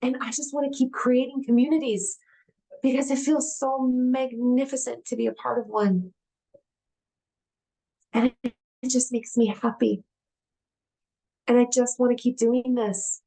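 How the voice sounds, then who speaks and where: A woman speaking as a guest at an event, with a voice pitched a little high. She tells a personal story in an earnest, emphatic way, hammering home her main points. She slips into the voices of the people in her dialogues as she goes. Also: steady tone, measured pace, gravelly, long pauses, dark tone. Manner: earnest, emphatic, repeats key phrases.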